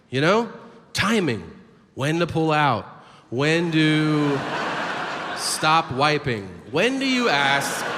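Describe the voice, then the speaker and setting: Standup guy, dry and slow, kinda high voice, noisy crowd in the room. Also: pushed and bright. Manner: dry, measured delivery with long pauses. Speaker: stand-up comedian. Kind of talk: stand-up comedy. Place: large theater stage before a live audience. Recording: reverberant hall with crowd noise.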